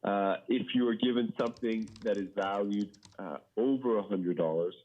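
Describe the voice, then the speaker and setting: A middle-aged man briefing a public board meeting as plan consultant, measured, with many fillers and restarts. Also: on the low side, darkish tone. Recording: dull municipal meeting audio.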